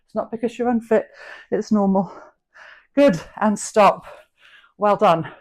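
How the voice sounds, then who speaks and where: Speaking at an unhurried medium pitch, a middle-aged woman from England runs an online dumbbell workout as a fitness instructor. She gives encouraging calls for reps and form, keeping a friendly, practical tone while walking people through every move.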